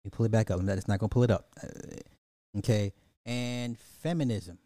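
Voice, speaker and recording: A man hosting a podcast, ranting about social topics to his audience in a profane, animated way, often repeating and restarting words and laughing at his own points. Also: on the low side, fairly quick, no room sound, clean studio sound. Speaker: podcast host. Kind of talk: live-stream social commentary rant.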